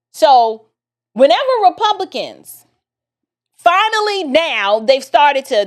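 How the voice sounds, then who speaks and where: A young adult woman delivering a heated political commentary with a preacher's cadence. Her voice sits fairly high and leaps up and down as she presses her points, repeating phrases for emphasis.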